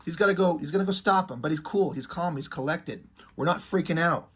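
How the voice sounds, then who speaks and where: A man casually reviewing a comic book, excited, with swearing and many fillers. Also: fairly high pitch, fairly quick, slightly rough.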